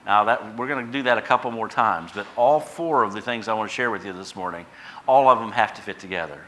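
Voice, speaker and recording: A pastor delivering a sermon to his congregation. He preaches with passion, builds up loud on repeated phrases, then drops quiet, and adds chatty asides. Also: fairly low pitch, fast, slight background noise.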